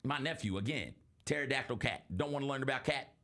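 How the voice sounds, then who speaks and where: A man's voice: medium pitch, fast talker, a bit bright. A young adult man hosting a casual sports talk show, telling stories in an earnest way and acting out the people he quotes. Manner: earnest, storytelling, acts out quoted voices. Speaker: podcast host.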